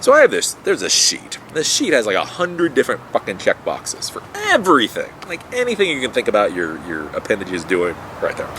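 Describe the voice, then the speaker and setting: A man's voice: mid-range voice, huge pitch swings, fairly quick, hardly any pauses, a bit bright, a little hiss or hum. A man telling a personal story in a casual, rambling monologue, repeating words and swearing when annoyed. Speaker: vlogger telling his life story.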